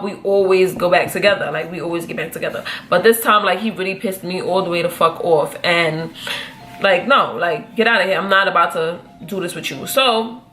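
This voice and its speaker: A young woman telling a personal story in a casual, animated, profane way, jumping up in pitch when she quotes herself. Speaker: vlogger.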